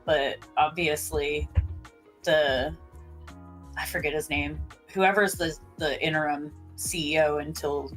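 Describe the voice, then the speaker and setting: A woman's voice: sits low, steady tone, takes it slowly, soft background music, rough recording. Chatty woman with a slight Southern twang. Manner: chatty, rambling, many restarts. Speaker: podcast co-host. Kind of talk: casual chat.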